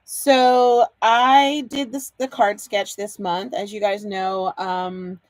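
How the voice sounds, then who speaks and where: A woman's voice: medium pitch, fairly even intonation, takes it slowly, no echo. A woman hosting a live card-making demo, chatty and bubbly, laughing often and greeting viewers by name.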